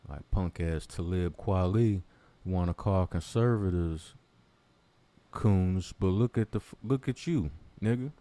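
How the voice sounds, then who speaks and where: A man's voice: low-pitched, unhurried, dark tone. A man ranting in a commentary vlog, confrontational and mocking, swearing heavily. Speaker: commentary vlogger.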